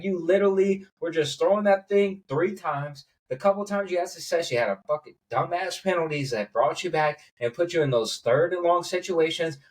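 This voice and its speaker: A man giving a heated, profane sports rant as a commentator, getting angry and loud at times. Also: mid-range voice, far from the mic, rough recording. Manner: angry, swearing, rising to loud outbursts.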